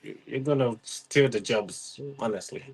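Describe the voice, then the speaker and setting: A man's voice: mid-range voice, unhurried, creaky, husky, low-quality recording. A man from Nigeria, talking casually and explaining with examples, often adding "you know". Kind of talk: casual podcast chat.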